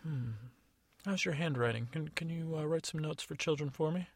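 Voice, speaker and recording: A man's voice: fairly high pitch, moderate pace, no echo, clean studio sound, voice pushed up. A man voicing a frazzled, overwhelmed female Tooth Fairy in a storytelling podcast, fretful and flustered.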